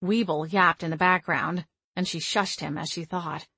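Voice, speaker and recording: A woman reading a first-person audiobook with wry, expressive delivery. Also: fairly low pitch, normal speed, husky. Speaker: audiobook narrator.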